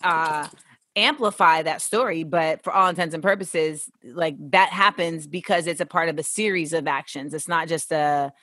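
A woman hosting a casual interview, talking in an animated, slangy way and laughing often. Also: low voice, moderate pace, no echo. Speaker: podcast host.

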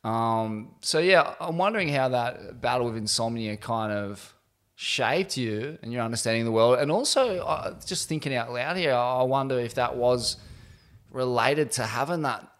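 A man's voice: medium pitch, lively intonation, normal speed, a bit bright. A man with an Australian accent hosting a podcast, easygoing and reflective, with casual swearing. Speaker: podcast host. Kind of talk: casual interview.

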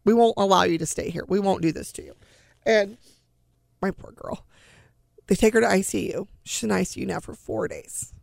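Woman guest with a heavily gravelly voice, earnest and emotional, dry close sound. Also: mid-range voice, normal speed, darkish tone, no echo. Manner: earnest, restarts under strong emotion. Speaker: interview guest, bereaved mother. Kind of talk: emotional personal storytelling.

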